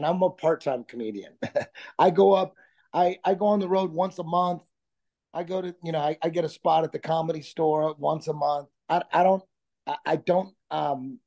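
A middle-aged comedian and jiu-jitsu instructor, appearing as an interview guest, speaks in a fairly high, dark-toned voice. He's laid-back and casual, restarting often and laughing easily.

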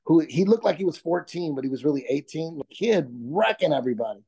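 A man's voice: a little high, expressive, fairly quick, mellow, breathy edge. A middle-aged man talking casually as an interview guest, laid-back, with frequent restarts and easy laughs. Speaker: guest, comedian and jiu-jitsu instructor.

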